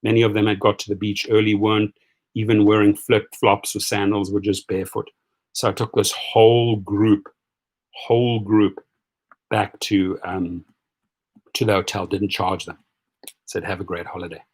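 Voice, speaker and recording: A man hosting a live rideshare stream, ranting and telling stories in a mocking, animated way with casual profanity, speaking straight to his viewers. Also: fairly low pitch, a little slow, long pauses. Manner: animated, mocking, swings between shouting and muttering. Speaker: rideshare channel host.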